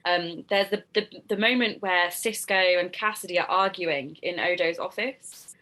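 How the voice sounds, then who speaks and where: A woman's voice: lowish voice, moderate pace, bright, forceful tone, rough recording. A British woman co-hosting a casual podcast chat, reading trivia and giggling. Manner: chatty, giggly, reads trivia notes. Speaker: co-host.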